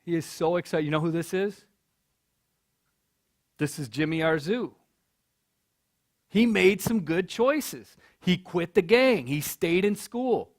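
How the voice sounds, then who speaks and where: Middle-aged man, keynote storyteller, earnest, stammers on repeats, slightly high voice. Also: animated, slow pace, pauses often. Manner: earnest, repeats words when stirred. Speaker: keynote speaker. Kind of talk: storytelling speech. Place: college hall.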